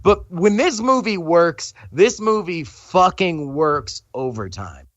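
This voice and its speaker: Animated man joking about movies. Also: high-pitched, slow pace, dry recording. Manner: joking, edgy banter. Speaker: podcast co-host. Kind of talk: casual film discussion. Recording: dry, dull lo-fi audio.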